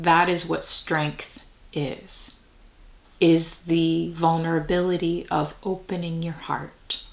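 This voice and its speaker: A woman with a lowish, gravelly voice giving a relaxed tarot reading. She muses aloud and wanders between thoughts, sometimes dropping into soft whispered asides. Her tone stays casual and direct to the viewer. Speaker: tarot reader.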